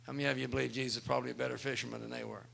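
A man's voice: mid-range voice, little pitch movement, racing, vocal fry, a bit bright, slight background noise. A male pastor preaching a sermon, speaking with emphasis and turning often to address the congregation.

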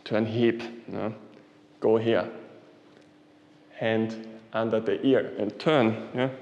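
Slow-talking instructor, echoey hall. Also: male voice, fairly low pitch, fairly even intonation, a little mellow, highs cut off. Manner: short spoken commands with frequent checking tags like "yeah?"; simple, non-native English grammar. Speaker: qigong instructor. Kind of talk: leading a group exercise class. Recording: echoey hall, voice from some distance.

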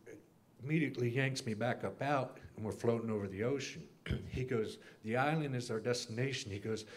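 A man in a church class recounting a long dream in detail, acting out the lines of the people in it and clearing his throat often. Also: medium pitch. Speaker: class member sharing a dream.

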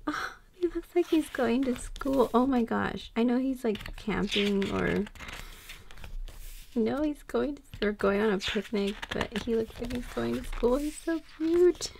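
A woman gushing through a casual unboxing commentary, talking affectionately and laughing softly as she goes. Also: fairly high pitch, a little slow, gravelly, background noise. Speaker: K-pop fan unboxing photobooks.

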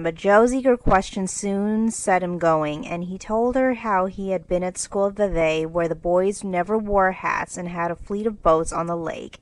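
A woman narrating a classic novel in a measured, clear reading for English learners. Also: on the low side, low-quality recording.

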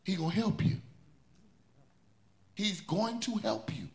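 A man's voice: high-pitched, big pitch swings, takes it slowly, creaky. A male pastor preaching a sermon, building intensity through repeated refrains.

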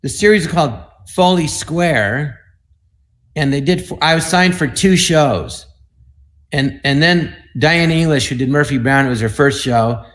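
A man's voice: a little high, measured pace. Man in his 60s telling showbiz stories. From United States. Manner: animated, acts out other people's lines in the stories. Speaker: guest on an online panel. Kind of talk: anecdotal storytelling.

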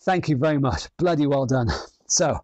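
A male fitness instructor runs an online class at home, cheerfully counting down each round and urging people to push themselves. His voice sits a little higher than most men's, and the recording is close and dry with no room echo. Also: normal speed, a little mellow. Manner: upbeat, encouraging, counting down rounds.

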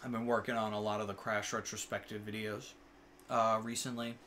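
A man co-hosting a gaming channel, chatting casually while playing, rambling with lots of uh and like fillers, excitable and quick to swear. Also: lowish voice, a little hiss or hum.

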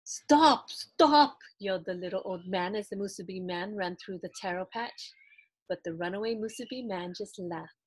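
A woman reading a children's picture book aloud in an expressive, animated storytelling way. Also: lowish voice, moderate pace, husky, no echo.

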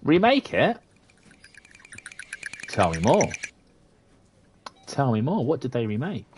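British man, unhurried, wildly swooping pitch. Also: wildly swooping pitch, darkish tone, slight background noise. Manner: chatty, mutters at the game, sing-song hums and sudden high exclamations. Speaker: gamer playing for his sons. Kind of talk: let's-play commentary.

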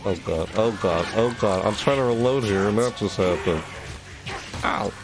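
A man's voice: fairly low pitch, normal speed, over music. A man streaming a shooter game, talking to himself in casual commentary with frequent startled yelps and groans. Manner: excitable, yelps and self-talk.

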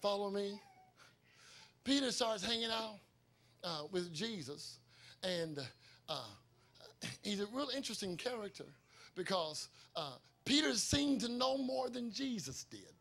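High gravelly-voiced preacher telling a story. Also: male voice, sing-song, unhurried. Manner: storytelling preacher acting out dialogue, swings from quiet to shouting. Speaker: pastor. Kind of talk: sermon. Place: church sanctuary.

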